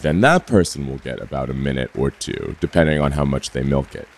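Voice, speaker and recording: A man's voice: extremely low pitch, animated, a little fast, creaky. A man interviewed as a reporter, explaining things in a lightly wry way. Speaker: interviewed journalist. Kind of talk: interview clip.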